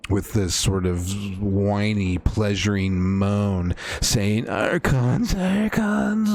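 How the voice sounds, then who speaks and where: A man acting as game master, slowly describing a horror scene in a tabletop game with frequent fillers. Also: low-pitched, a little mellow.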